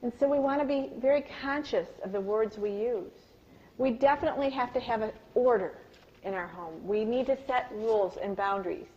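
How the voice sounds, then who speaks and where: A woman giving a live workshop talk on parenting, telling animated personal stories and asking her audience questions. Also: moderate pace, lo-fi sound. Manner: acts out yelled lines in a high, loud voice. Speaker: parenting and communication speaker.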